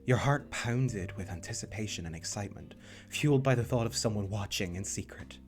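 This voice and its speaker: A man narrating a visual novel in the second person, steady with playful asides. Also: on the low side, brisk, soft background music.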